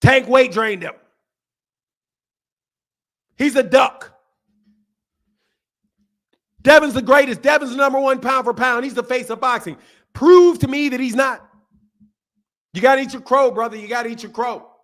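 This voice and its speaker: A man hosting a boxing channel stream, giving heated, mocking commentary with drawn-out emphasis. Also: very high-pitched, fairly bright tone.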